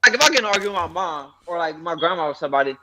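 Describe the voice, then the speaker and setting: A man's voice: on the high side, expressive, very fast, crowd noise, rough recording. A young man telling rambling, profane stories in a casual podcast chat. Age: young adult. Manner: rambling, profane storytelling with repeated restarts. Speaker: podcast co-host.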